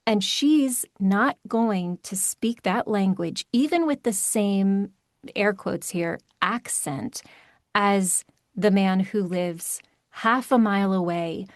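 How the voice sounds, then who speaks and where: A woman from Maryland with a plain American accent, an audiobook narrator talking through an interview in a chatty, animated way. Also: mid-range voice, dry recording, clean studio sound. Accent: General American. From Maryland, USA. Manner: chatty, animated, quick asides. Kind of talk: casual interview chat.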